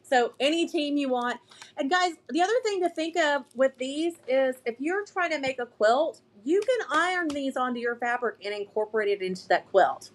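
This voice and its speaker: A woman's voice: high voice, animated, moderate pace. A chatty woman, showing new shop products on a casual live stream and reading funny signs aloud with giggles.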